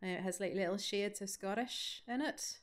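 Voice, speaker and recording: A woman's voice: mid-range voice, normal speed. Chatty Northern Irish woman with a Ballymena accent. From Northern Ireland. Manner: chatty, self-deprecating, full of asides. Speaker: invited author speaking at a study day. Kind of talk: conversational Q&A answer.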